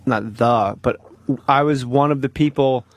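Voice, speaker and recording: A male comedian guest on a radio show, telling profane, animated stories in casual talk. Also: medium pitch, a little slow, no room sound. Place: radio studio. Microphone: studio microphone.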